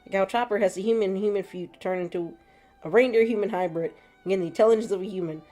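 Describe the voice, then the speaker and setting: A woman's voice: mid-range voice, fast talker, mellow. A woman streaming gameplay, chatting casually, laughing often and reading chat aloud. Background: faint background music.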